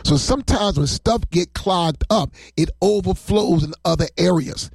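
A man's voice: high voice, normal speed, creaky, a little mellow, breathy edge, dry recording. A man preaching on a livestream as a pastor, rambling and emotional, often breaking into laughter.

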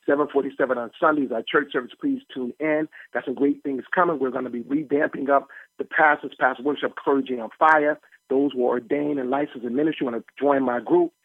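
A man preaching a radio sermon as pastor and host, animated and folksy, often laughing as he teaches. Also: mid-range voice, gravelly, breathy edge, dry recording. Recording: tinny phone-like line, dry.

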